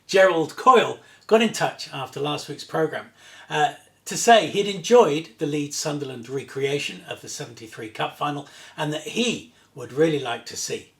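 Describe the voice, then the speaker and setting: Man, gravelly voice, roomy echo, chatty host. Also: on the high side, moderate pace, fairly bright tone. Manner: chatty, enthusiastic, self-deprecating. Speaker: host of a table football show. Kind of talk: casual presenting to camera. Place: room at home. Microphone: camera on a tripod.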